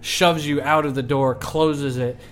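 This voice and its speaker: A man running a tabletop game as game master, narrating in a relaxed way and laughing often. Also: a little high, a little slow.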